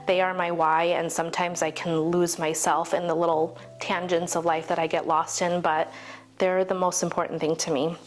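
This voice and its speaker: Soft-spoken woman in her forties, rambling. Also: fairly low pitch, level tone, normal speed, slight background noise. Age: 40s. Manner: rambling, heartfelt, laughs often. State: teary, emotional. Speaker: vlogger. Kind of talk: casual chat to camera.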